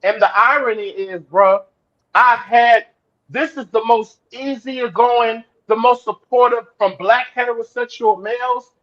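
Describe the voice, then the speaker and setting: A woman from New Orleans with a New Orleans accent, hosting a livestream in an animated, profane, slangy way. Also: a little high, measured pace, lo-fi sound. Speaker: show host. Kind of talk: livestream chat.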